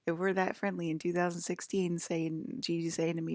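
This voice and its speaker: A vlogger in her thirties from the US East Coast, with an East Coast accent, rambles casually to her viewers, laughing often and sometimes dropping to a whisper. Her voice is on the low side and a little mellow, with a flat, brisk delivery. The recording is dry.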